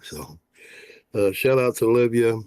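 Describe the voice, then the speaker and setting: A man's voice: medium pitch, lively intonation, unhurried, darkish tone, clean tone, dry recording. A man hosting a casual livestream talk show as a fishing guide, folksy and rambling, with lots of "uh" fillers.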